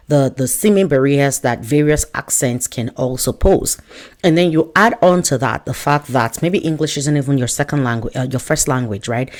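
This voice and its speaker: A woman, a career coach giving advice straight to camera in a chatty, animated way with joking asides. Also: rumbling low. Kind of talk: direct-to-camera advice talk.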